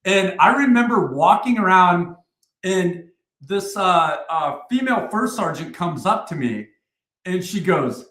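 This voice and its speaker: A man in his forties, a retired army first sergeant, telling war stories as a podcast guest in a profane, animated way. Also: sits high, a little slow. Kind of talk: casual war storytelling. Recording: roomy echo.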